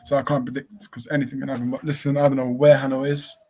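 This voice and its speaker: A man co-hosting a live stream in casual talk, calling out to a missing co-host and spelling out a link slowly. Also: mid-range voice, flat delivery, a little mellow, husky. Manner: calls out repeatedly, spells slowly. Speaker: livestream co-host.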